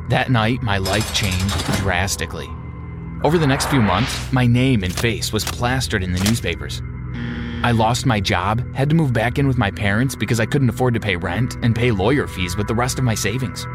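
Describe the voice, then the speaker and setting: A man narrating a first-person story in a steady, measured way. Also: lowish voice. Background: background music.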